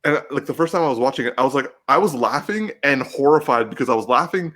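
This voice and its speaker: A man co-hosting a casual podcast, talking excitedly and emotionally with lots of restarts and swearing. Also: mid-range voice, fast talker. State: getting teary-eyed. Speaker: podcast co-host.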